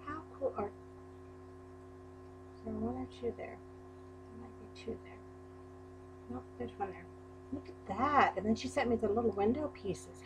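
With background noise behind her, a woman whose voice sits on the high side opens a crafting package for her vlog. This crafting YouTuber exclaims and gushes over each thing she pulls out of the mail.

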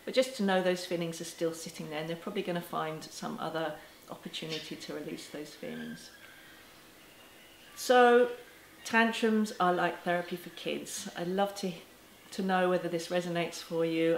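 A woman teaching parents to camera in a gentle, reassuring way, now and then with a soft laugh. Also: lowish voice, steady tone, moderate pace, a little hiss or hum. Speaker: parenting educator. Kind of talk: talking to camera. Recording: echoey room with faint ambience.

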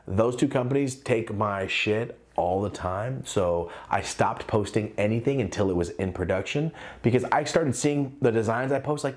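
A young man tells a story in a loose, casual way. He swears freely and jumps in pitch when he acts out what others said. His voice sits in a middle register. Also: moderate pace. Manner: animated, profane, acts out quotes. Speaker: clothing brand owner and vlogger.

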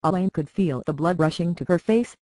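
A narrator reading a fantasy novel aloud in steady, brisk storytelling. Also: mid-range voice, no echo.

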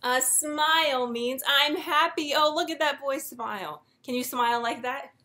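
Woman, young, children's storytime librarian: high, unhurried, gentle and sing-song. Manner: gentle, sing-song, inviting kids to join in. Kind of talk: reading a picture book aloud to young children.

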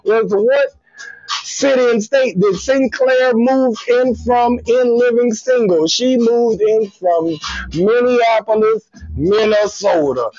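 High-voiced man teasing his live viewers. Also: dry recording, dull audio. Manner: teasing, profane, laughs often. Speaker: comedian host of a live show. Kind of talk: live-stream trivia banter, reading viewer comments.

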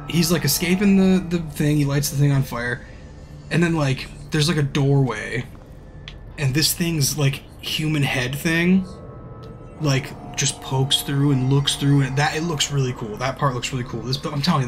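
A young man streaming a game, rambling, swearing and telling stories in animated bursts. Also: a little high, moderate pace, soft background music. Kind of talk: live-stream gameplay commentary.

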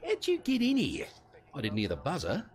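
A laid-back, dim-witted security guard drawls in a broad Australian accent, his voice on the higher side and swinging widely in pitch. He rambles, stalls and fumbles through slang-filled replies in this video game scene. His lines carry a faint hiss behind them. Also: wildly swooping pitch, normal speed. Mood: flustered. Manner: rambling, hesitant, full of slang.

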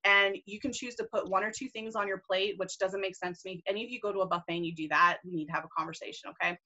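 A woman's voice: medium pitch, fairly even intonation, rapid-fire, bright, forceful tone, muffled recording. A woman leading a team video call, enthusiastic, casual and gushing as she encourages her group. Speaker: team leader and mentor.

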